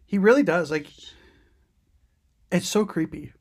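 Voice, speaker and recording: A woman co-hosting a podcast, joking around in relaxed, slangy casual chat. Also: fairly low pitch, measured pace, breathy edge. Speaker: podcast co-host.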